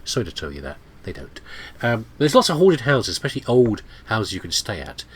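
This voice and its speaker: A man's voice: fairly low pitch, sing-song, fairly quick, breathy edge. A man with a stuffy, nasal cold, rambling chattily while commentating on a game. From United Kingdom. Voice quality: nasal, blocked up. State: has a cold. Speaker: gameplay commentator. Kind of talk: casual let's play commentary.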